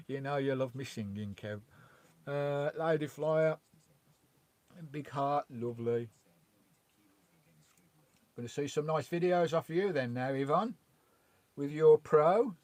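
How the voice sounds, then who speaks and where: A man's voice: fairly high pitch, a little mellow, no room sound. A man chatting casually on a live stream from his campervan, reading out chat messages in a rambling way with mild swearing. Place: parked in a campervan.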